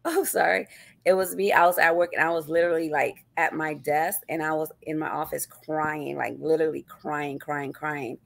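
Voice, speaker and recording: A woman author speaks as an interview guest in a very low voice with a gravelly edge. She talks earnestly and reflectively, circling back over her own phrases. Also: steady tone, normal speed. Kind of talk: personal interview talk.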